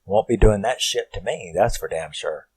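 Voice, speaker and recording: A man's voice: lowish voice, normal speed, darkish tone, slightly rough, dry recording, rough recording. A man casually recapping a horror film in a rambling way, swearing freely and breaking off into asides where he questions himself.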